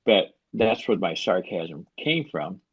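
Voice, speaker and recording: A man's voice: sits low, expressive, slow pace, husky, no echo, narrow, tinny audio. A man in his sixties, a writer guest talking casually in an interview, with dry, wry humor. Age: 60s. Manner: dry, wry, self-deprecating storyteller. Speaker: author guest.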